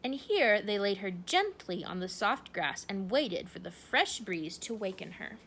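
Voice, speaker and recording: Woman narrator, lively storybook reading, very animated pitch. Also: a little slow, slight background noise. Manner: expressive, animated. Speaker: storybook reader. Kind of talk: reading a children's book aloud.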